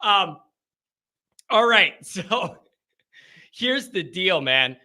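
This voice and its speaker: Male call-in show host, sick and hoarse, high and bright, rambling and joking at his own expense. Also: sing-song, drawn-out words. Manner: chatty, self-deprecating, rambling. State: hoarse, sick, sore throat.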